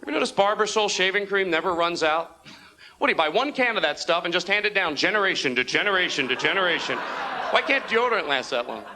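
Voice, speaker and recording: A young man doing a stand-up comedy routine on a club stage into a handheld mic, talking fast and animated and slipping into quick character voices. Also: high-pitched. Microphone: handheld stage microphone. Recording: old videotape with audible room noise. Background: audience laughter.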